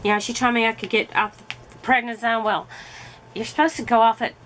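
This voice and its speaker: Chatty woman, slightly high voice. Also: fairly even intonation, moderate pace, a bit bright, slight background noise, low-quality recording. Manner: chatty, storytelling with fillers. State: recovering voice. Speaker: crafting vlogger. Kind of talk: casual chat while crafting.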